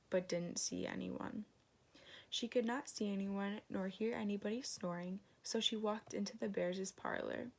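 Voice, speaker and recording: A woman reading a fairy tale aloud in a gentle storytelling manner, adding moralizing asides. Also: mid-range voice, creaky.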